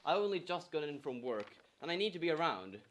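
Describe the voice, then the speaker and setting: Man playing doting new father, sentimental, earnest, high voice, radio play. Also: sing-song, quick pace, fairly bright tone, slight background noise. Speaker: actor in a youth theatre radio play.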